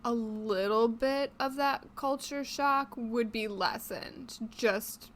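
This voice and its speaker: A young woman co-hosts a casual podcast, bantering and laughing often. Her voice sits a little high. A faint hiss of noise runs under the recording. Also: slow pace. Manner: chatty, laughs often, playful. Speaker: podcast co-host. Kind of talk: casual chat.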